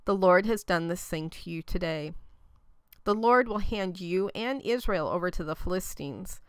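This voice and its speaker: The spirit of an old prophet, stern and grave, called up from the dead, read by a woman. The voice is lowish, smooth and clear, close and dry. It is a scripture reading that hardly changes her own voice. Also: a bit bright, no echo, close to an everyday voice.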